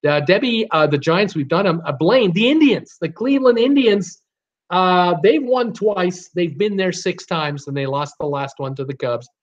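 Chatty man hosting a live trivia stream, slightly higher voice, dull lo-fi audio, lots of ums. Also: normal speed. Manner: chatty, reads viewer names and answers, frequent uh fillers. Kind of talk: casual live-stream chat.

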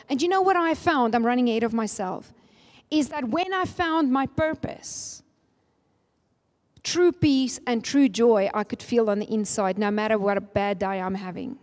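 A woman's voice: on the high side, a little mellow. A middle-aged woman preaching a sermon, earnest and emphatic, her voice leaping up on key points. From Namibia. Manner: earnest, emphatic with rising spikes. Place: church hall. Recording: long church hall reverb.

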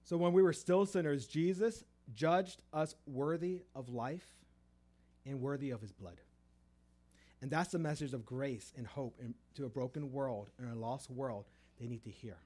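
A middle-aged man preaching a sermon. He tells stories with many restarts, rising loud for emphasis and dropping soft. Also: medium pitch, moderate pace.

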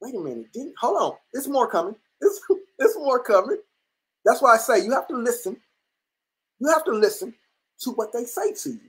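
Brief: combative livestream host, blunt and profane, restarts a lot, average pitch. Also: sing-song, moderate pace, husky, poor audio. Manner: repetitive restarts, rising into near-shouts. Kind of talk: casual livestream commentary. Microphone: computer or phone mic on a live stream.

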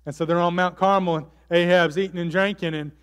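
A man's voice: high-pitched, fairly even intonation, fairly quick, smooth, long reverb tail. A man preaching a sermon as pastor, telling the story casually with fillers and acting out the quotes. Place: church hall.

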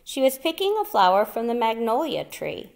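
A woman teacher reading a children's chapter book aloud, telling it in a slow, expressive way. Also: a little high, gravelly.

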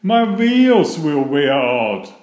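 A man voicing a cheeky little male tank engine in a storybook reading, calling out in a high, shouty voice. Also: very animated, very slow, echoey room, full character voice. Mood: alarmed.

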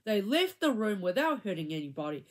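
A woman reading a children's chapter book aloud, with an expressive, animated delivery. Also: mid-range voice, fairly quick. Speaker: reader.

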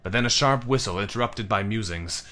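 Deep-voiced man reading a story game aloud. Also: a little fast. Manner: expressive storybook reading with musing asides. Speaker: let's play narrator.

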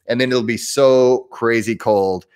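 Guy chatting on a live stream, rambly, lots of ums and restarts, mid-pitched voice. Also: steady tone, unhurried, darkish tone, clean tone. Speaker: breathwork teacher hosting a live Q&A. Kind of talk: casual live-stream chat.

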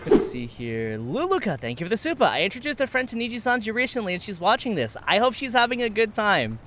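A man's voice: high voice, sing-song, fairly quick, sharp tone, slight background noise. A man hosting his own gaming stream, chatting playfully with a guest, teasing and giggling a lot. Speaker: streamer and host. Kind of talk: casual gaming stream chat.

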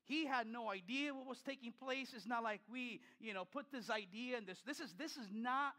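Older male pastor, emphatic sermon delivery, high pitched and piercingly bright. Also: normal speed. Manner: emphatic, repetitive preaching with many restarts.

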